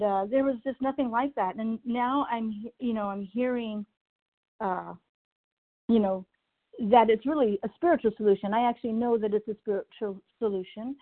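A woman sharing at a meeting, speaking earnestly and gratefully. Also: medium pitch. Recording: tinny phone line.

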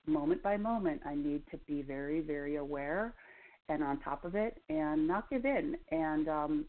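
A woman giving a personal recovery share at a call-in meeting, earnest and halting, with many pauses and ums. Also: low-pitched. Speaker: meeting participant sharing. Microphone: phone call-in. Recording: tinny phone line.

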